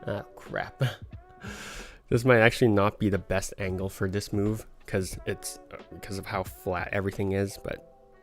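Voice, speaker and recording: A man's voice: on the low side, fairly even intonation, normal speed. A man teaching a card sleight on a livestream, stumbling and laughing at his own mistakes. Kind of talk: livestream tutorial. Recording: faint background music.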